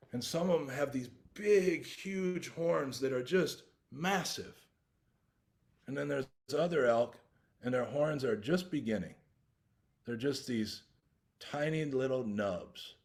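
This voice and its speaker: A man's voice: mid-range voice, vocal fry. A man giving an earnest, rambling personal share at a recovery workshop, often restarting his sentences as he goes. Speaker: invited speaker at a recovery workshop.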